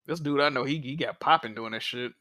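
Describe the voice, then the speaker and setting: A man on a casual podcast who talks in relaxed slang while distracted by a video game. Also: medium pitch, quick pace, dry recording, clean studio sound.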